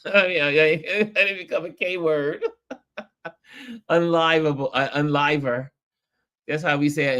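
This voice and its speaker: A middle-aged man hosting a livestream, reading viewer comments aloud in casual chat, animated and nostalgic and quick to laugh. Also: medium pitch. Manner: laughs often, animated and nostalgic, stretches words.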